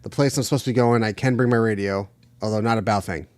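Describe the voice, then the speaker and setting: A man who is a regular on a ham radio live stream, chatting in a relaxed, hesitant way with many fillers. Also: lowish voice, fast, dry recording. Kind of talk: casual chat on a live stream.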